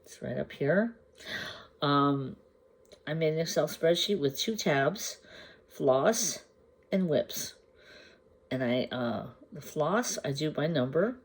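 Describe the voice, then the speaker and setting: A woman crafting vlogger chatting casually to the camera. She shows her projects at an unhurried pace, pausing to gather her thoughts and sometimes asking the viewers questions. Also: deep voice, expressive, breathy edge. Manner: unhurried, chatty, meandering with pauses. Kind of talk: casual show-and-tell chat to camera.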